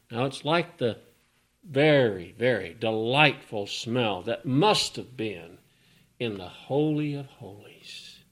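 A man preaching a sermon who reads scripture aloud and swings from loud, emphatic lines to hushed whispers. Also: mid-range voice, animated. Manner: slow, drawn-out delivery with scripture readings.

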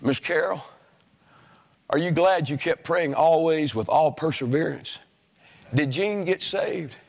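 A man's voice: a little high, measured pace, creaky, in a large hall. A male pastor preaching a sermon, emphatic and repeatedly questioning his congregation. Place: church sanctuary.

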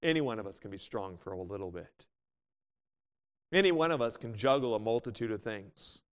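A male pastor preaching a sermon, moving from loud exclamations to quiet asides and reading scripture in older biblical wording. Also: fairly low pitch, animated, brisk, clean tone. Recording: long hall reverb.

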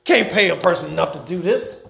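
A male pastor delivering a sermon in a strikingly high voice with a lively, swooping pitch. He bellows scripture, then drops into quiet, rapid asides, and repeats key lines back to the congregation. A gravelly rasp sits under his tone. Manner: swings between shouted scripture and quiet, fast asides; repetitive, call-and-response preaching. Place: church with congregation.

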